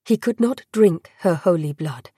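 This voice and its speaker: A woman reading a dark fantasy audiobook in a measured, dramatic narrating style. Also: lowish voice, lively intonation, husky, dry recording, studio quality. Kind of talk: scripted narration.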